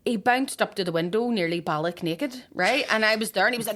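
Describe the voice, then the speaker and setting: A woman with a Northern Irish accent hosting a podcast, telling stories in a swearing, animated way and laughing often. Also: fairly high pitch, fast talker, hardly any pauses. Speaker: podcast host. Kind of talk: casual podcast chat.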